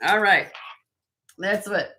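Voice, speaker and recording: A woman hosting a live jewelry sale stream in casual chat, laughing often and a little hoarse from losing her voice. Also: medium pitch, slow pace, sharp tone, slight background noise. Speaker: host and jewelry seller.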